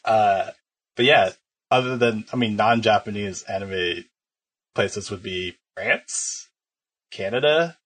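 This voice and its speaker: A man chatting casually, speaking slowly and laughing easily. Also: on the low side, a bit bright, slightly rough. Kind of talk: casual chat.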